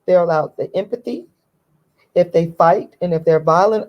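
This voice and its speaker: Woman vlog host, lower pitch, weary voice, emphatic and repetitive. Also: normal speed, dull audio. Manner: emphatic, repeats phrases for stress; talking from a relaxed, laid-back position. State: voice tired from talking all day. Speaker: channel host. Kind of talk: casual opinion vlog.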